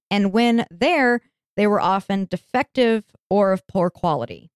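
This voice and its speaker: A woman's voice: medium pitch, dry recording, studio quality. A woman hosting an educational podcast, narrating history casually with jokey asides and easy laughs. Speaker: podcast host.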